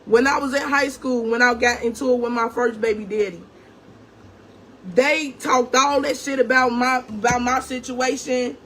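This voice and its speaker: A woman's voice: a little high, steady tone, moderate pace, a bit bright, slight background noise. A young woman in an angry storytime rant, profane and confrontational, talking straight to her viewers. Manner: calls viewers "gang", talks straight to them. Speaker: vlogger.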